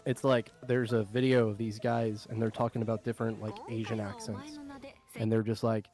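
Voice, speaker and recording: A man's voice: fairly low pitch, flat delivery, moderate pace, a little mellow, faint music behind. A man chatting casually on a stream, laughing often and swearing freely. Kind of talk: casual chat.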